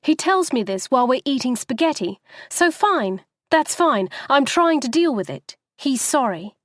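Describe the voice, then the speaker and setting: A woman voicing a furious young wife arguing in a taxi, her lines high and shrill. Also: lively intonation, dry recording, studio quality. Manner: shrill, raging, rapid outbursts.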